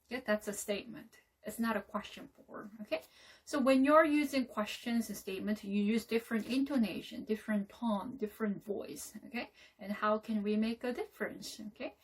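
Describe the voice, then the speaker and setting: Woman teaching English intonation. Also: a little high. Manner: explains slowly, with frequent "okay?" checks. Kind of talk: classroom lecture on intonation.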